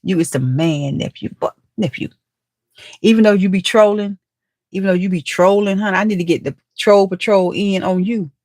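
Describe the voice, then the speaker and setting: A woman's voice: medium pitch, moderate pace, darkish tone, no echo, studio quality. A woman hosting a live stream and chatting with viewers, teasing and laughing often, with speech. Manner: chatty, teasing, calls viewers nephew and baby. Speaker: livestream host. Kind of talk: casual live chat reading comments.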